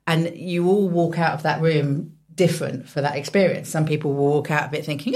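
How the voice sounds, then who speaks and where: A woman hosting a radio show, talking in a reflective, measured way. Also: low voice, a little mellow. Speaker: radio host. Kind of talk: casual radio chat.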